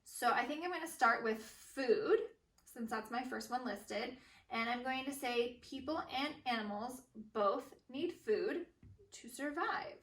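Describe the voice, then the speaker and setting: A woman teacher modeling informational writing for young children, speaking slowly and saying each word aloud as she writes it. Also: on the high side, a bit bright, far from the mic. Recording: echoey room, voice a bit off-mic.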